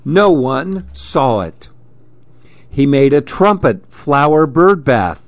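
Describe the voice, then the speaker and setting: Slow expressive guy reading a children's book, dry muffled recording. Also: fairly high pitch, no echo. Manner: gentle, expressive, unhurried. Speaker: storyteller. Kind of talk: children's storybook read-aloud.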